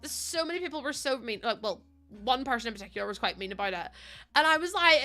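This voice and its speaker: Bright-voiced chatty young woman streamer. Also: high voice, lively intonation, fast, faint music behind. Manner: chatty, laughs often, swears freely. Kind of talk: casual chat while gaming.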